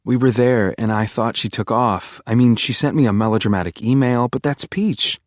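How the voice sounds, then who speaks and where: A man's voice: medium pitch, moderate pace, no echo, studio quality, pitched above the performer's own voice, lightly acted. A man reading aloud, voicing a weary, exasperated young woman who talks through tears in an audiobook. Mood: rueful.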